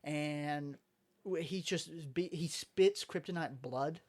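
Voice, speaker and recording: A man's voice: on the high side, takes it slowly, darkish tone. A young adult man co-hosting a podcast from a room at home, recapping comics in a rambling way and acting out quotes. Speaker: podcast co-host. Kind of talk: casual chat, recapping comics.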